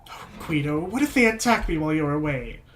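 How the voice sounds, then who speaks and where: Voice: medium pitch, animated, brisk, recorded from a distance, slight background noise, close to an everyday voice. A streamer voicing an anxious pleading young wife.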